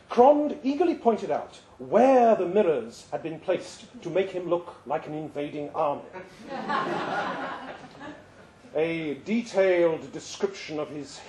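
A man giving a lively, expressive live reading of a short story at a pub event. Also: on the high side. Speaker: reader. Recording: roomy live venue sound.

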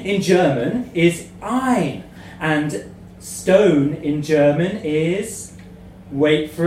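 A man's voice: a little high, animated, very slow, darkish tone, slight background noise. A man reading comic letters aloud, playful and often laughing as he reads. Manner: playful, laughing through the lines. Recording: echoey room from far off.

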